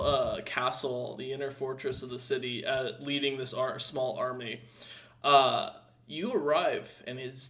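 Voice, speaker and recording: A man's voice: medium pitch, a bit bright. A man narrating a tabletop game as game master, rambling with many fillers. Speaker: dungeon master.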